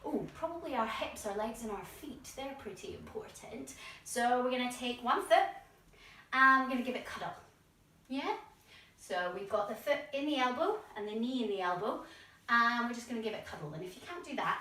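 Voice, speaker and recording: Woman, kids' yoga teacher, bright high voice, playful and encouraging, echoey room, set back from the mic. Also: lively intonation, brisk, far from the mic. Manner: playful, encouraging, with silly animal noises. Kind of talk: guided kids' yoga lesson. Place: room at home with plants.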